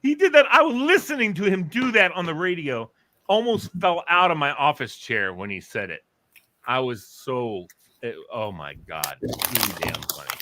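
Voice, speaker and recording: A man's voice: fairly high pitch, moderate pace. A man host in casual chat, animatedly retelling old radio bits and acting out the voices. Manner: animated storyteller, acts out voices. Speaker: show host.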